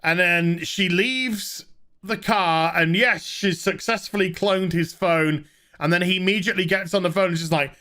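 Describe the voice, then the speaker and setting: High, bright-voiced sarcastic male reviewer. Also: moderate pace. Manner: sarcastic, exasperated, swearing. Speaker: film reviewer. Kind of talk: comic rant review.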